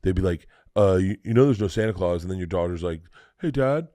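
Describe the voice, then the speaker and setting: A man in his forties telling a long story on a podcast, animated and profane, laughing through it. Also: low-pitched, quick pace, no room sound, clean studio sound. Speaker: podcast host. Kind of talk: casual storytelling chat.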